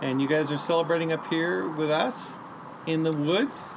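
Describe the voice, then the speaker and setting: A man's voice: fairly high pitch, normal speed, vocal fry, noisy background. A man hosting a casual, joking chat out on a deck in the woods. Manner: joking, then reads a quote aloud. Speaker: podcast host. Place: outdoor deck in the forest. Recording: faint ukulele music behind.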